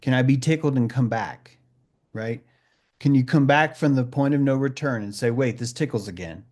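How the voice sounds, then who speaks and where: A man's voice: mid-range voice, moderate pace, darkish tone. A man in a casual group discussion, talking intensely with lots of swearing and acting out quoted voices. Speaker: discussion participant.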